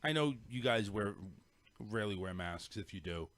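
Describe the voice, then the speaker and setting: A man's voice: lowish voice, animated, normal speed, a bit bright, no room sound. A middle-aged man with a Northern US accent, hosting a show and rambling through a story with many restarts. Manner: rambling storyteller, repeats words, restarts sentences. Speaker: podcast host. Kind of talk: casual chat.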